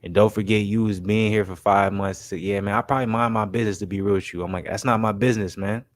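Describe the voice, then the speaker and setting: Laid-back low-voiced male stream host. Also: steady tone, no echo. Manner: laid-back, slangy, keeps saying "you know what I'm saying" and "man"; talks through made-up scenarios, voicing friends in quick quotes. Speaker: livestream basketball commentary host. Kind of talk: casual chat to a live stream chat.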